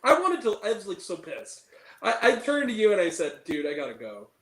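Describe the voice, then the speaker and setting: Lively, high-voiced ranting movie-review host. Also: male voice, fairly quick, reverberant, rough recording. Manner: animated, profane, ranting. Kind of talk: casual review chat.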